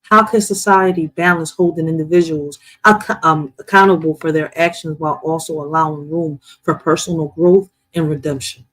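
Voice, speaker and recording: A man's voice: fairly high pitch, fairly even intonation, moderate pace, hardly any pauses, a bit bright. A man co-hosting a news commentary show, talking casually with heated, profane outbursts. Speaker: co-host.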